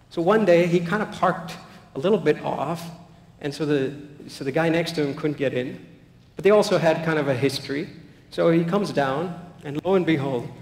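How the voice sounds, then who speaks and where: A man giving a public talk full of stories, acting out quoted voices and dropping to a soft voice at key points. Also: a little high. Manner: animated, anecdotal, acts out quotes, soft-spoken at key points. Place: large hall. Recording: echoey hall with long reverb.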